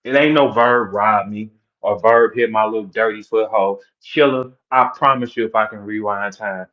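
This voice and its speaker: A man's voice: fairly low pitch, normal speed, dull audio. A man hosting an online audio room, ranting aggressively and mockingly with heavy profanity.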